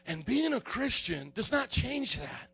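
A man preaching a lively sermon as pastor, acting out scenes with animated voices. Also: measured pace, vocal fry, slightly rough. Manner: animated preaching, acts out fans in high excited voices.

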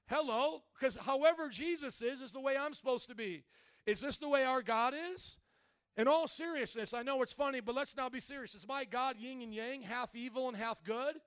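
High-voiced man preaching with fiery swings. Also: clean tone, no echo. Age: adult, married. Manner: animated preaching, swings into shouting and mock voices. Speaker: pastor. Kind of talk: sermon.

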